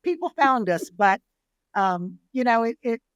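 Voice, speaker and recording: A woman's voice: fairly high pitch, unhurried, clear, resonant tone, no echo, dull audio. Give me a middle-aged Texan restaurateur woman recounting family stories, with a dry, close sound. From San Antonio, Texas. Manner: lively storyteller who acts out family quotes. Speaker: restaurateur guest. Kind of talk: casual storytelling interview.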